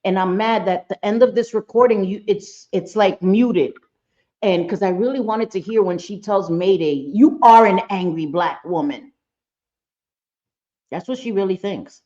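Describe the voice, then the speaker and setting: Her medium-pitched voice is warm and measured, though the sound is lo-fi. As the host of a reaction channel streaming live, she comments casually on a clip, frank and profane, restating things for emphasis.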